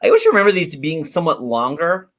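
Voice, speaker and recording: A man with a slightly high, very lively voice talks on a podcast. He is enthusiastic and chatty, often tripping into restarts mid-sentence. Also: fast talker. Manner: animated, enthusiastic, stumbles into restarts. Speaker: podcast co-host. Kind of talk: casual chat reviewing cartoons.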